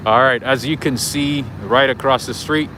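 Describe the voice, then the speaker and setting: A man's voice: medium pitch, moderate pace. Man walking and talking on a phone livestream, rambling, self-deprecating, traffic noise all around, noisy street recording. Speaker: livestream host. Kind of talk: casual walking livestream chat. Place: city streets outdoors.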